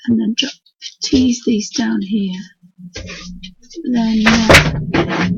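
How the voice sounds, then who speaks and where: A craft tutor from Yorkshire, England, demonstrates painting on a live stream from her desk at home, chatting in a homely, rambling way to both her dog and her viewers in a hoarse, croaky Yorkshire voice. Her pitch is fairly high and her tone steady and fairly bright, and she speaks very slowly with long pauses. The computer-mic stream audio is dull and lo-fi, with no echo.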